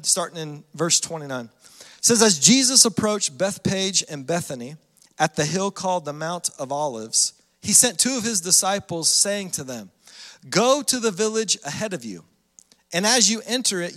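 A pastor preaching a sermon in a casual, animated way, acting out the voices of people in his stories. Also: sits high, big-room sound.

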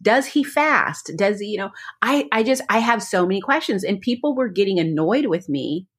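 A woman's voice: mid-range voice, expressive, moderate pace, husky. A woman co-hosting a podcast in casual chat, talking eagerly and rambling with lots of fillers. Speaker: podcast co-host.

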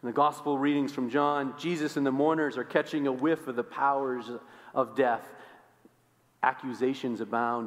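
A male pastor preaching a sermon in a church, swinging between loud emphasis and hushed, quiet lines. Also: mid-range voice, normal speed, big-room sound. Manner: expressive, swings from loud to hushed, acts out quoted voices. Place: church sanctuary.

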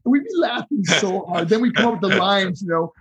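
A man from New York, a former pro wrestler, telling animated stories as a guest in a casual interview, with many fillers. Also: high voice, brisk, husky, poor audio.

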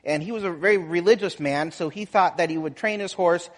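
A man's voice: high voice, brisk. A man preaching a sermon, telling a folksy story with plenty of fillers and restarts. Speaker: pastor. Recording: echoey hall with long reverb.

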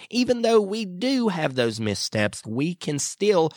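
A man's voice: fairly high pitch, big pitch swings, a little slow, hardly any pauses, dry recording, studio quality. A man hosting a podcast, chatty and self-mocking, turning earnest when he shares a devotional. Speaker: podcast host. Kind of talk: casual chat and devotional talk.

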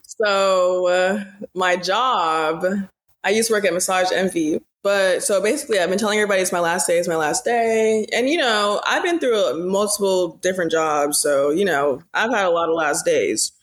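A woman's voice: on the low side, normal speed. Young woman, early twenties, earnest and emotional, casual chatty delivery. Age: young adult. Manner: emotional, earnest, many "like" fillers. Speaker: podcast guest, daughter. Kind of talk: casual family podcast chat.

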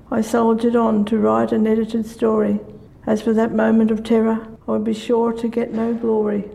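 An older woman, a guest poet, reading her rhyming poems aloud in a measured, steady way. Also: a little high, vocal fry, low-quality recording.

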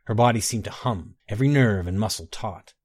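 A man's voice: on the low side, fairly quick, a little mellow, breathy edge, dry recording. Man narrating a fantasy story, dry.

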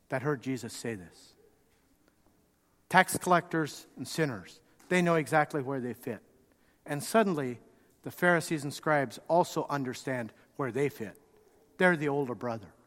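A man preaching a sermon, telling the story in an animated way and acting out the quotes. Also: a little high. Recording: reverberant hall.

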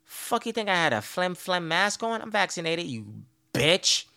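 In a smooth, high-pitched voice at a moderate pace, a man rants through stories on his podcast. The casual monologue is profane and animated, full of petty, exasperated complaints.

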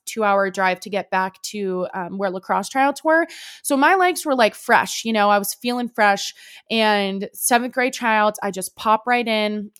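A woman's voice: medium pitch, fairly bright tone. A young woman hosting a podcast, telling a personal story in a chatty, casual way, full of fillers and swearing. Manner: chatty, swears freely, lots of "like". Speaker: podcast host.

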